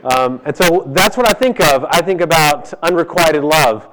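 A man in his thirties preaching, telling a funny personal story that swings between loud and hushed delivery. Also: a little high, animated, normal speed, crowd noise. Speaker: pastor. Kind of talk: sermon. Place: church hall.

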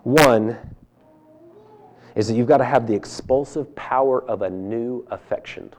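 A male pastor preaching a sermon with emphatic, swinging delivery, from loud urging to hushed asides. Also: medium pitch, a little slow.

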